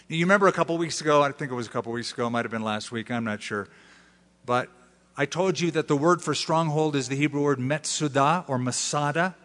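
A man preaching a sermon as pastor, animated and jokey, acting out the people he quotes. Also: fairly high pitch, long reverb tail.

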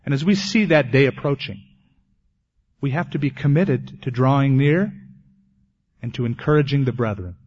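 A man preaching a sermon as pastor, earnest, ending in a quiet prayer. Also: medium pitch, moderate pace, pauses often, slightly rough. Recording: dull lo-fi 1980s tape.

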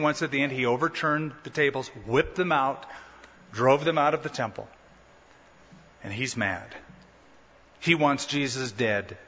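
A man delivers a sermon in a bright, slightly high voice and animates the quoted lines with rising pitch. The recording carries a long hall echo and sounds a bit muffled. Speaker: pastor.

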